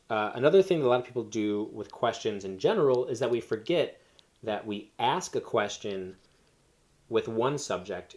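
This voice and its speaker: Low-voiced man teaching a Spanish lesson. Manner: explains step by step with fillers and self-corrections. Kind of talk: recorded classroom lesson.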